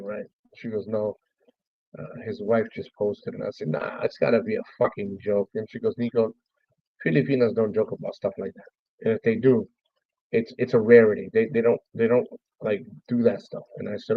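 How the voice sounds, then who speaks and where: A man telling a personal story with emotion, often halting and repeating words, with some swearing. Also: mid-range voice, dry recording, lo-fi sound. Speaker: streamer host.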